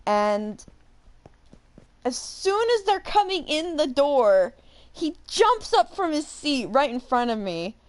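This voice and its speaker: Young woman, gaming host, spins a chatty, animated anecdote mid-game. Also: sits high, takes it slowly. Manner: animated, rambling, full of fillers and laughter. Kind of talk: casual storytelling while playing a game.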